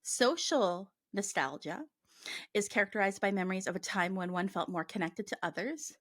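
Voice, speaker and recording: A woman's voice: medium pitch, expressive, normal speed, a bit bright, no echo. A woman co-hosting a podcast in casual chat, talking freely with many "like"s and sometimes reading passages aloud. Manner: chatty, heavy use of "like", reads passages aloud. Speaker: podcast co-host and medium.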